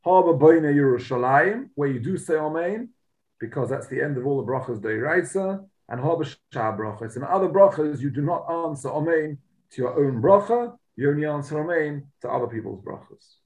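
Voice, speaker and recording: Guy giving a talmud class, kinda high voice, explains every line with punch. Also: expressive, moderate pace, a little mellow, low-quality recording. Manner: explains Aramaic text line by line in English, emphatic. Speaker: Talmud teacher. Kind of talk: Talmud lesson.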